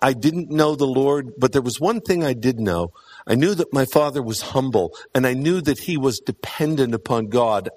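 A man preaching a sermon in an earnest way, repeating key points for emphasis and often pausing on "uh". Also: mid-range voice. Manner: earnest, emphatic repetition, frequent "uh" fillers.

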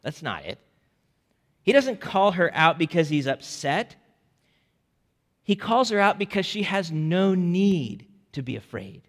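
A man preaching a sermon as a pastor, earnest and deliberate, sometimes restarting his words. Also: high-pitched, fairly bright tone, big-room sound.

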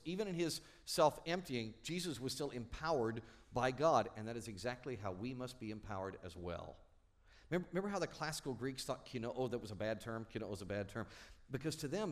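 A middle-aged man preaching a sermon, telling stories and acting out the people in them. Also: medium pitch. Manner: storytelling, acts out quoted voices. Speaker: pastor.

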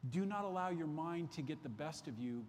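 A man's voice: on the high side, animated, a little fast, a little mellow, in a large hall, a little hiss or hum. A man teaching a Sunday school Bible lesson, earnest and repeating key phrases for emphasis. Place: church classroom.

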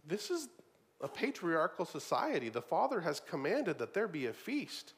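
A preacher man with a fairly high voice that leaps up and down. He delivers his sermon with animation, punching key words loudly and then dropping low for asides. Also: normal speed. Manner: animated, shifts from loud emphasis to low asides, repeats words.

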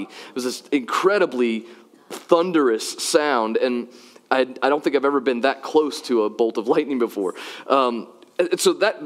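A man giving a sermon, moving from personal storytelling to loud, emphatic calls to worship. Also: medium pitch. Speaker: pastor.

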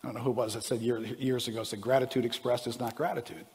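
Animated pastor with hall reverb. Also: male voice, mid-range voice, quick pace. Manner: animated, swings between loud bursts and hushed asides. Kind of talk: sermon.

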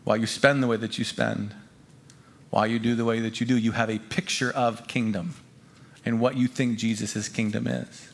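A man preaching a sermon to his congregation as pastor. He talks emphatically, repeats key phrases and swings from hushed lines to loud ones. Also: mid-range voice, little pitch movement, moderate pace, creaky. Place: church gathering before a congregation.

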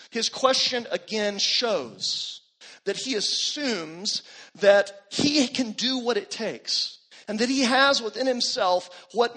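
A man's voice: high voice, bright, forceful tone. A man preaching a sermon as pastor, emphatic and building through repeated phrases.

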